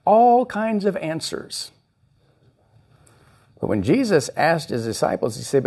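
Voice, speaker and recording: A man's voice: fairly high pitch, very animated, slow, vocal fry, pauses often, a little mellow, breathy edge. A male pastor preaching a sermon, reading scripture and acting out the voices he quotes. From United States.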